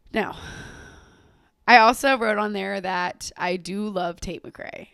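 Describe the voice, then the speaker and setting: A woman's voice: medium pitch, gravelly, clear, resonant tone, no echo, clean studio sound. Profane, chatty young woman podcaster. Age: 20s. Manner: profane, rambling, quick to laugh and apologize; animated, gushing about pop culture. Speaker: podcast host. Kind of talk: casual solo podcast chat.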